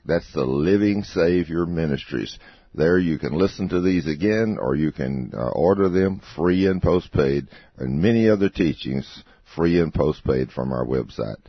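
A man closing a ministry broadcast in a slow, deliberate way, repeating the details. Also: low-pitched, husky, dry recording. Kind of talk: scripted program closing. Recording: dry, dull lo-fi broadcast.

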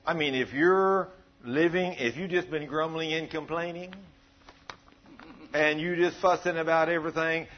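Folksy preacher guy, high husky voice, chatty sermon, dull lo-fi recording. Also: fairly even intonation, moderate pace. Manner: folksy, conversational, joking with the congregation.

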